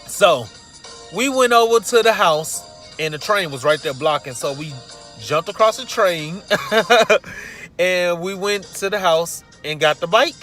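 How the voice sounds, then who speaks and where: A man's voice: high voice, measured pace, faint music behind. A man casually telling a funny personal story and acting out the people in it. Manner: casual and animated, acting out the quotes.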